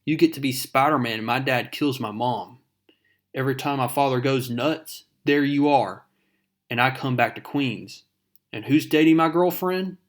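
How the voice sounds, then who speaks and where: A man reading out a resentful young comic-book character who has stewed over an old friend for months. The lines come calm and conversational, then sharpen into pointed accusations. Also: mid-range voice, normal speed, lightly acted. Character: bitter young man with a grudge.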